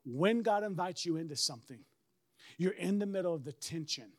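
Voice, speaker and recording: A middle-aged man, a pastor, telling a story in a sermon with lively swings and bursts of shouted praise. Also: high voice, fairly quick. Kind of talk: sermon testimony.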